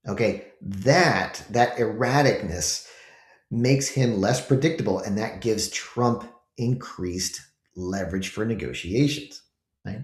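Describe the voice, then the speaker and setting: A man's voice: lowish voice, big pitch swings, moderate pace, a little mellow, echoey room. A man hosting his own show, giving casual commentary with emphatic rhetorical questions to his viewers. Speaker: host.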